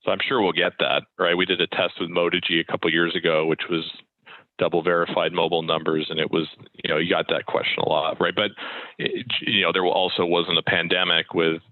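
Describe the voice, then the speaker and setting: A man's voice: low voice, level tone, fairly quick, no room sound. A man chatting casually between cold calls, talking in loose runs with fillers and restarts. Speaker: sales rep making cold calls. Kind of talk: casual chat while cold calling. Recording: tinny phone-like call audio.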